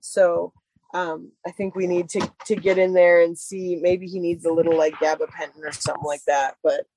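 A woman's voice: on the low side, level tone, normal speed, mellow. Chatty woman telling a dog story. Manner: chatty storyteller, many "like" fillers. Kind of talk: casual chat.

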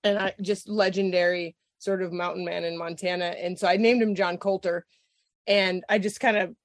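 A woman, a podcast guest, telling a story in casual chat. She is animated, swears freely and laughs often. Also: lowish voice, normal speed, no room sound.

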